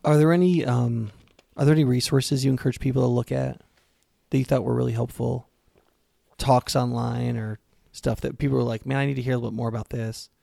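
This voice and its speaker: A man with a Midwestern accent, hosting the interview and asking relaxed questions with fillers. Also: mid-range voice, fairly quick, vocal fry, no echo, clean studio sound. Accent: Midwestern American. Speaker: host, pastor.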